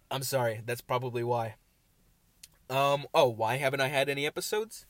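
Young male podcast host, tired and rambling, self-deprecating, outdoors, average pitch. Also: steady tone, normal speed, long pauses, fairly bright tone, no room sound. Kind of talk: casual solo podcast chat.

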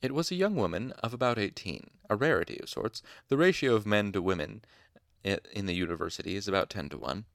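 A young man reads a novel aloud at home in a casual amateur style, stopping now and then to correct himself. His voice sits on the low side and the recording is dry and close. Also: lively intonation, fast, creaky, no room sound. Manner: informal, stops to make whispered asides and corrections. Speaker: amateur audiobook reader. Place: home room.

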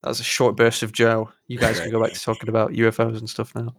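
A man's voice: mid-range voice, completely flat delivery, quick pace, gravelly, no room sound. Tired joking male podcast host. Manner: joking, swearing, bursts into mock voices. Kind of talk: casual late-night podcast banter.

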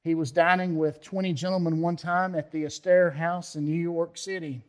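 A pastor delivers a sermon in an emphatic storytelling manner, his voice climbing for stress and falling hushed for prayer. He is a man with a fairly high speaking voice. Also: steady tone, normal speed. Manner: emphatic storytelling preacher, acts out quoted voices. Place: church.

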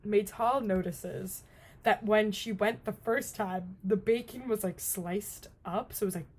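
A woman's voice: medium pitch, fairly even intonation, a little slow. A young woman co-hosting a podcast in casual chat, telling a story with lots of laughter and the odd swear word. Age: young adult. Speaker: podcast co-host.

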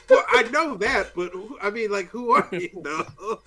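A man's voice: high-pitched, a bit bright. A man in a casual group chat who acts out silly quoted voices, laughing often.

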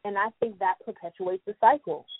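A woman talks in a loose, lively way and slips into put-on voices for the people she quotes. The sound is thin and phone-like. It is very dry, with no room around it. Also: mid-range voice, a little fast, breathy edge, dry recording. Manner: animated, acts out quoted voices in slang. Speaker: podcast guest. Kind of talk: casual chat.

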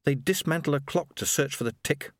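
A man reading an audiobook, voicing a fierce, sharp-tongued young woman who gives curt commands. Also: a little high, fairly quick, no room sound, clean studio sound, pitched above the performer's own voice, close to an everyday voice. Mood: cool, scornful.

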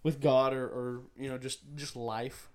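A man's voice: medium pitch, flat delivery, measured pace, darkish tone. A young man co-hosting a podcast, talking in a casual, earnest and reflective way and acting out bits of dialogue. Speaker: podcast co-host. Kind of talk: casual chat.

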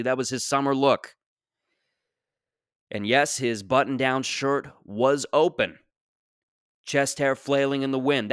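A man's voice: mid-range voice, a bit bright, clean tone, no room sound, studio quality. A young man hosting a podcast, telling a comic story in a rambling, digressive way that keeps trailing off. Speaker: podcast host. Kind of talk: comedic solo storytelling.

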